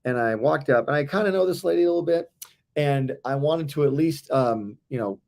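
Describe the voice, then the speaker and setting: A man's voice: a little high, fairly quick, gravelly, a little mellow. A man co-hosting a casual Christian talk stream, telling a personal story in a rambling way with many fillers.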